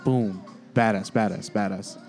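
A man hosting a casual, profane chat, relaxed and slangy, with bits of Spanish slang mixed in. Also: on the low side, unhurried, soft background music. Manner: laid-back, slangy, mixes in Spanish slang. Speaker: podcast host.

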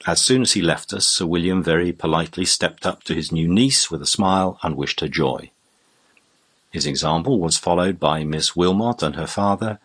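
Deep, husky male audiobook narrator. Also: fairly bright tone. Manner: measured, formal storytelling. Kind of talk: scripted narration of a classic novel.

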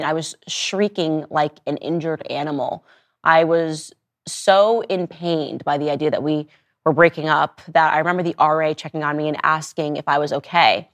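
A woman in her thirties hosting her own show, delivering a personal monologue and acting out the people she quotes. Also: low voice. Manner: animated storytelling, acting out quoted voices. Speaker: podcast host.

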